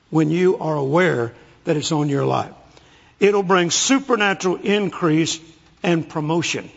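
A man's voice: on the high side, vocal fry, husky. A man preaching a sermon, telling stories with folksy humor, in an echoey, muffled recording. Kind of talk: storytelling sermon. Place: large hall, speaking to an audience.

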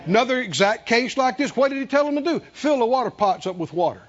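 A male pastor preaching a sermon in an animated way, drawing answers from the congregation. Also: very high voice, fast talker, highs cut off. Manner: animated preaching with call-and-response.

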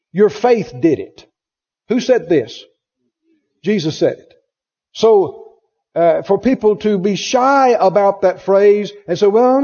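A man's voice: high-pitched, warm tone, husky. A man preaching a sermon emphatically, repeating phrases and asking the congregation questions. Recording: dull lo-fi recording in a reverberant hall.

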